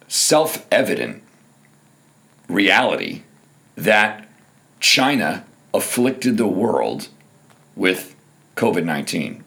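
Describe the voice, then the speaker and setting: A man hosting a political commentary podcast in a hoarse, scratchy, low voice, making his points emphatically and stacking up repeated phrases. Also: fairly bright tone. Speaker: podcast host.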